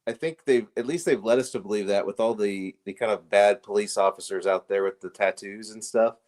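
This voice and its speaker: A man's voice: fairly low pitch, brisk, a little mellow. A man guesting on a casual reaction chat, hesitant and repeating words as he thinks.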